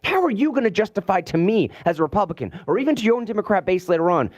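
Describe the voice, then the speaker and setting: A man hosting a political talk radio show from a studio, animated and sarcastic, mimicking the people he talks about. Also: sits high, racing, hardly any pauses, no echo, lo-fi sound. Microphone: studio mic.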